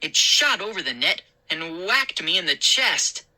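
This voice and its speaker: A woman reads a scary children's story aloud at an unhurried pace. Her voice is bright and crisp-edged, and her pitch moves with lively expression. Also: poor audio.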